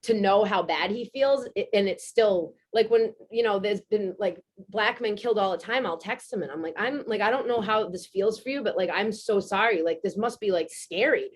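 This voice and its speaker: A woman, telling a story in casual podcast chat, animated and swearing freely. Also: medium pitch, normal speed, few pauses, slightly rough. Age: 40s. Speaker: podcast host.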